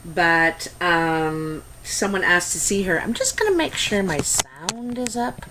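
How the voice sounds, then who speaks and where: A woman's voice: on the low side, sing-song, slow pace, pushed and bright, a little hiss or hum, low-quality recording. A Canadian woman giving a casual tarot reading to camera, chatty and meandering, with many ums and asides. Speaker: tarot reader.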